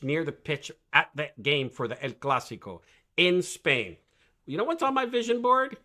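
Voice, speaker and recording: Energetic man with a bright, forceful voice. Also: mid-range voice. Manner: energetic, emphatic, keeps asking "right?"; rhetorical questions, animated storytelling. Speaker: guest, coach. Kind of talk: podcast conversation.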